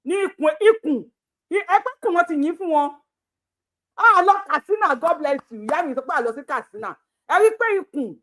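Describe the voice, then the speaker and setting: Laughing often, a Nigerian YouTube host offers relaxed live commentary, moving between Yoruba and pidgin English. Her voice sits high and sounds fairly bright, and she talks fast and animatedly.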